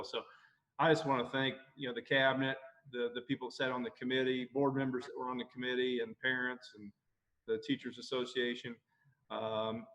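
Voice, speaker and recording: Flat-toned rambling superintendent man. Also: medium pitch, rough recording. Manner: rambling, repeats words, many "you know"s. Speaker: school superintendent. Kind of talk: thanking remarks at a meeting.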